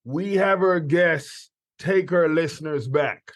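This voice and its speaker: A man's voice: a little high, slow pace, no echo. A man hosting a podcast, interviewing a guest in an encouraging way and affirming her with short remarks. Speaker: podcast host.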